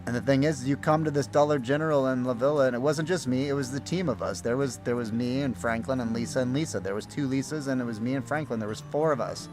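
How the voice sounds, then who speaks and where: A male streamer chats casually over his gameplay, telling a rambling story with the odd swear word. His voice sits at an ordinary middle pitch, and faint music plays quietly behind him. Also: quick pace, hardly any pauses. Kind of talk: casual chat while gaming. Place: home.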